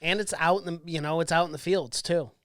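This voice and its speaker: A man co-hosting a podcast, mostly chiming in with short agreements and quick remarks while discussing a TV show. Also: fairly high pitch, fairly even intonation, a bit bright, clean tone, no room sound, clean studio sound. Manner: brief agreeing interjections, laughs along. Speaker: podcast co-host. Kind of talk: casual TV review chat.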